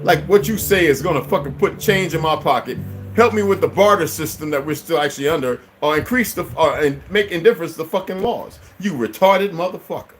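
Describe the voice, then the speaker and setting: Angry profane man ranting loudly. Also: fairly quick, soft background music. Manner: angry, profane, swings loud and high. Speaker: channel host. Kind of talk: profane rant to camera.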